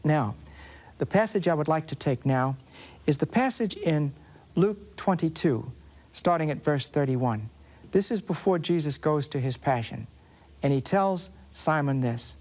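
A man with a Southern US accent preaching a sermon as a Catholic preacher, explaining scripture earnestly and slowing down to stress references. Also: on the high side, expressive, darkish tone.

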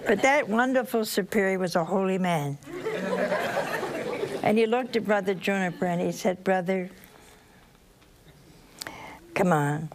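A woman with a sore throat telling a religious story to an audience in a plain, gentle way with dry humor. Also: medium pitch, moderate pace, pauses often, very noisy.

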